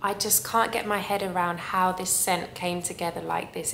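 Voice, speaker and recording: A woman's voice: lowish voice, steady tone, moderate pace, vocal fry, fairly bright tone, reverberant, slight background noise. A woman reviewing perfumes in a casual vlog, gushing and lingering over her descriptions.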